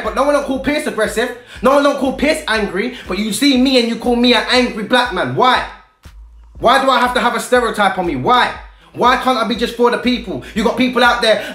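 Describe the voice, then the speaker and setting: Man, impassioned monologue, very high voice, echoey room with faint music. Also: animated, a little fast, fairly bright tone. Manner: heated, repetitive, emphatic, street slang. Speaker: video blogger. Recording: roomy echo with faint music.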